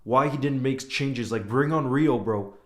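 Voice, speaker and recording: A man's voice: medium pitch, unhurried. A man live-reacting to a football match for his viewers, emotional and outspoken, often saying "bro" as he swings between outrage and glum reflection. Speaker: football fan streamer. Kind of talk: live match watchalong commentary.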